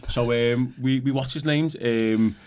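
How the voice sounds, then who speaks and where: A man's voice: mid-range voice, unhurried, darkish tone. A middle-aged man, a podcast guest telling rambling, sweary anecdotes full of "you know what I mean". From Liverpool, England. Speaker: podcast guest, former goalkeeper. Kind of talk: casual storytelling chat.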